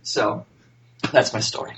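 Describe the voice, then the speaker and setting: A man's voice: measured pace, a bit bright, slight background noise, rough recording. A man, a working actor, telling a casual story as a podcast guest, chatty and full of fillers and restarts.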